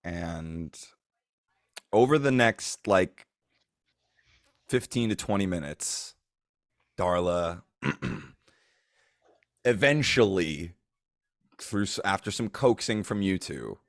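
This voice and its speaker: A man narrating a tabletop game as game master, in a relaxed, casual way with fillers. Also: deep voice, slow pace, pauses often, dry recording, studio quality.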